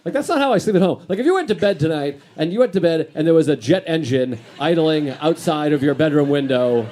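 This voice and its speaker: Grumpy stand-up comic, dry delivery. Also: male voice, fairly high pitch, lively intonation, fast talker, few pauses, a little mellow. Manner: dry, grumpy, self-deprecating. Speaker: stand-up comedian. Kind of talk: stand-up comedy set. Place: comedy stage before a live audience.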